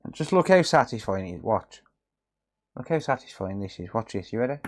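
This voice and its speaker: A man's voice: lowish voice, sing-song, brisk. Chatty man muttering at his workbench. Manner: chatty, teasing, often muttering while working. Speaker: streamer repairing electronics. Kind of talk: casual live-stream chat.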